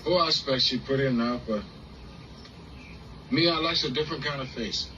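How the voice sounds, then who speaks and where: An actor playing a proud young enslaved African man in a film, speaking quietly and plainly. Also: medium pitch, moderate pace, close to an everyday voice. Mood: calm. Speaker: film character. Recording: muffled, distant film clip with noise.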